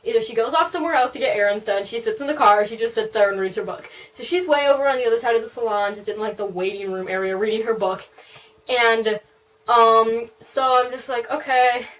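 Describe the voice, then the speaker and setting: Young woman vlogger, slightly high voice, rambling storytime, sits a bit far from the mic. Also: a little fast, fairly bright tone. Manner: rambling, full of "like" and "um". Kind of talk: casual storytime.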